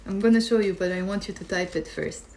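A woman's voice: medium pitch, fast talker, warm tone, a little hiss or hum. A woman teaching an Arabic pronunciation lesson on a live stream, chatting and quizzing viewers as she reads their comments.

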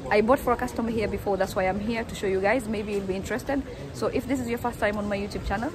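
Woman, casual market vlogger, mid-pitched voice, chatty with fillers, handheld outdoor recording with loud street ambience. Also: fairly even intonation, fast. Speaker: vlogger showing shops. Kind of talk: casual walking vlog. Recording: phone vlog with loud street noise. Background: street ambience and traffic.

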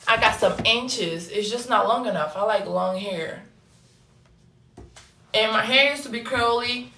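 A young Brazilian woman with a Brazilian Portuguese accent tells loose, slangy stories and reads chat on a casual livestream, swinging between loud bursts and low murmurs at a measured pace. She is recorded from a distance in an echoey room with faint music.

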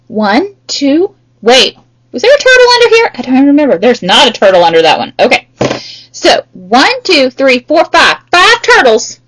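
Very high, lively-voiced woman tutor. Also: poor audio. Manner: playful sing-song, exaggerated excitement. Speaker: math tutor. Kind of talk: children's math lesson.

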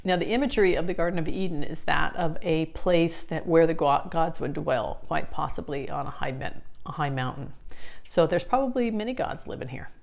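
A woman's voice: sits low, lively intonation, a little fast, vocal fry, darkish tone. A woman explaining scripture in a casual teaching talk, chatty and full of fillers and restarts. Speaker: Bible study teacher.

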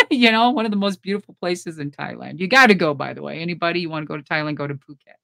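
A middle-aged woman who used to be a pro wrestler tells stories in a casual interview, talking bluntly and profanely with animation and frequent laughter. Her voice sits low and creaky, and she speaks quickly. The recording is studio quality with no echo.

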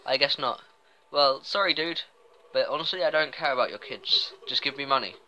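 A man's voice: medium pitch, normal speed, sharp tone, low-quality recording. A man giving casual let's-play commentary, chatty and self-mocking as he rambles. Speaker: gameplay commentator.

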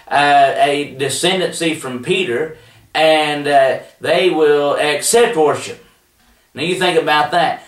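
A man teaches a Bible study in a homespun, conversational way, stumbling over fillers and restarts as he goes. His voice sits a touch higher than most men's. He sounds slightly off-mic, and the room echoes around him. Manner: folksy, plainspoken, with frequent fillers and restarts. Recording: roomy echo, voice a bit distant from the mic.

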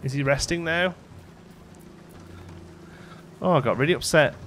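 A man's voice: on the high side, a little slow, fairly bright tone, a little hiss or hum. A man hosting a let's play, chatting casually as he plays and talking to his game characters. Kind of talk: casual gameplay commentary. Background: faint game music.

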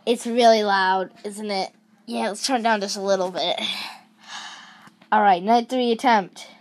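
A woman's voice: mid-range voice, steady tone, measured pace. A woman hosting a horror game let's play, easily startled and exclaiming in fright as she plays. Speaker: gaming video host.

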